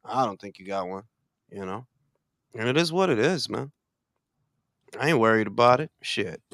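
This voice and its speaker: An older man hosting a casual boxing talk show, profane and loud, swinging between shouting and muttering. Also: on the low side, lively intonation, moderate pace, dry recording. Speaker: boxing podcast host. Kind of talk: casual chat.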